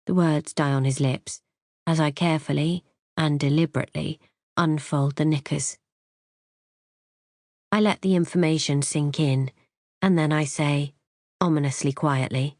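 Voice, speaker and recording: A woman's voice: low-pitched, fairly even intonation, measured pace, pauses often, a little mellow, no room sound, clean studio sound. A woman reading a first-person thriller in a wry, conversational way. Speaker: audiobook narrator.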